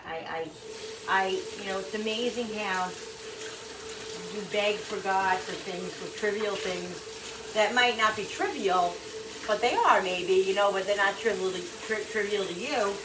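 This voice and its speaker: Speaking at normal speed in a mid-range voice, a middle-aged vlogger rambles emotionally through a personal story, going over the same things again. Her distant mic captures a noisy, echoey room.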